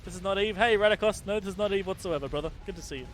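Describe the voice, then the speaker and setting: A man casting a game tournament, excitable and laughing often, catching and correcting his own slips. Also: high voice, very fast, faint music behind. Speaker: tournament caster. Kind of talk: casual game commentary.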